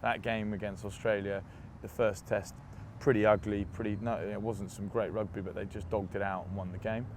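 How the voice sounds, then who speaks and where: Man, young adult, low voice, casual storytelling, faint outdoor traffic noise. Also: moderate pace. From England. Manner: chatty, laughing, animated anecdotes. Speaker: interview guest, rugby player.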